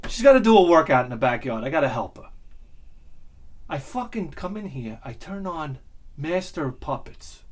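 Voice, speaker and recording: Excitable, swearing male vlogger. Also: a little high, normal speed. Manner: excitable and profane, swinging between loud outbursts and muttering. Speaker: music and audio vlogger. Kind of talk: rambling enthusiastic monologue.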